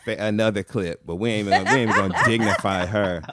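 A man's voice: fairly low pitch, steady tone, racing, very noisy. A man hosting a podcast with casual chat, laughing often and stretching out quoted catchphrases. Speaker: podcast host.

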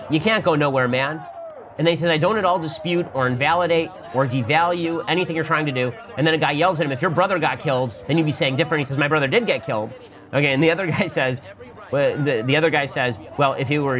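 A man hosting a political podcast, delivering rapid-fire argumentative commentary that climbs in pitch when he drives a point home. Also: fairly bright tone.

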